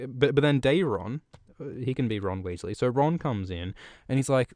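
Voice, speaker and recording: A man's voice: mid-range voice, moderate pace, a little mellow, no room sound, clean studio sound. A man casually and irreverently recapping a book as a podcast host, rambling and swearing freely.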